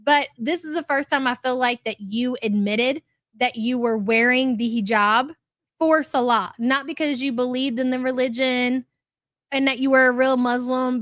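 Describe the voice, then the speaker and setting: High voiced woman streaming, blunt and sweary, reads super chats, dry sound. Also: a bit bright, no echo. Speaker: commentary channel host. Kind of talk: livestream commentary reacting to clips.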